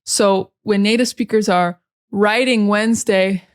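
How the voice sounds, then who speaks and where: A woman from Maine with an American accent, teaching English pronunciation and repeating words slowly and carefully, syllable by syllable. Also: mid-range voice, steady tone, clear, resonant tone. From Maine, USA. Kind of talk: pronunciation lesson.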